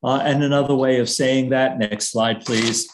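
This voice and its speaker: An older man lectures from slides at a middle pitch, often pausing on "uh" and restarting his sentences. His delivery is thoughtful and unhurried, with a dry, wry humor. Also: steady tone. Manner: hesitant, many "uh" fillers and restarts, dry humor. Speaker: risk communication consultant giving a lecture.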